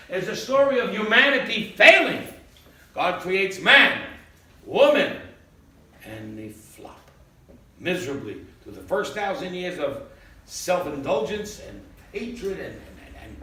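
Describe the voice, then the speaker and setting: An animated male rabbi with a bright, lively voice that leaps up high when he acts out little scenes. He sounds set back from the mic in an echoey room, with a faint hiss underneath. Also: far from the mic. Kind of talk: Torah class.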